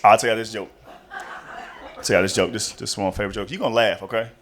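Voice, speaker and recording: A man's voice: fairly low pitch, rapid-fire. A young man performing a chatty stand-up comedy routine on a club stage. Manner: animated, chatty, many "you know what I mean".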